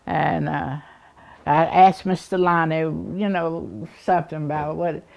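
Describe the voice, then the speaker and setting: A woman's voice: low voice, measured pace, creaky. An older woman from East Tennessee with an Appalachian accent, rambling through childhood memories, chuckling and acting out the people in her stories. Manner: rambling, chuckling, acts out the people she recalls. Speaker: oral history interviewee. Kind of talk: reminiscing storytelling.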